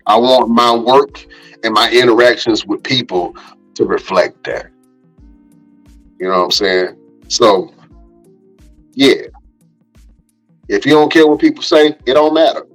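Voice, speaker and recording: Guy on a podcast talking slow and earnest, reflective advice, little music underneath. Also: mid-range voice, low-quality recording. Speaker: podcast panelist. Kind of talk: casual podcast chat.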